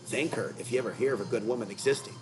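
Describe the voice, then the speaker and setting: In a rough recording, a channel host races through a rambling rant, apparently from his car, at medium pitch. He's worked up, confrontational and repeats himself.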